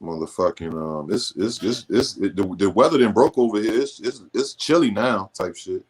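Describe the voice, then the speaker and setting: A man's voice: fairly low pitch, animated, moderate pace, slightly rough, low-quality recording. A man hosting a live stream in casual chat, laid-back and slangy, often restarting his sentences. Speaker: streamer host.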